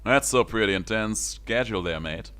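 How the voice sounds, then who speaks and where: A man's voice: fairly low pitch, moderate pace, bright, forceful tone, clear, resonant tone, faint music behind. A man streaming a video game, commenting with a chatty manner and frequent laughter.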